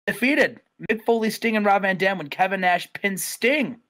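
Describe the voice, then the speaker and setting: A man co-hosting a casual podcast, excitedly telling match results in a storytelling way. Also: high voice, normal speed. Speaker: co-host. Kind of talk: casual podcast chat, recapping a wrestling booking game.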